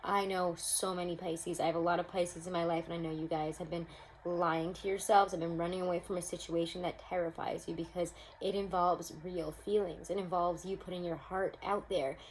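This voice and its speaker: Young woman, lowish voice, casual upbeat tarot reader, home camera mic. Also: little pitch movement, fairly quick, a little hiss or hum, poor audio. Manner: chatty, upbeat, addresses viewers as guys. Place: home room.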